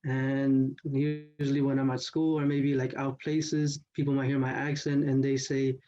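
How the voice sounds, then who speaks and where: Flat-toned teenage boy, dull lo-fi sound. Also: medium pitch, measured pace. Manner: loose, full of "like" and "you know". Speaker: student storyteller. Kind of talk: retelling a partner's story in first person.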